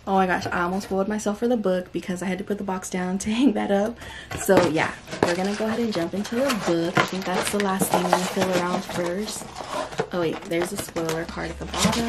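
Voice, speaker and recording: Casting note: woman, unboxing vlogger, excitable and gushing, with a gravelly, creaky edge and a faint hiss behind her. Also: medium pitch, normal speed. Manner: gushing and excitable, chatty with many fillers. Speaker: booktube host. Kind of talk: casual unboxing vlog.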